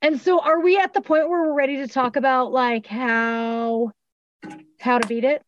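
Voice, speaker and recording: A woman's voice: high voice, fairly even intonation, moderate pace, lo-fi sound, a little hiss or hum. A woman hosting a casual podcast chat, blunt and upbeat, swearing freely.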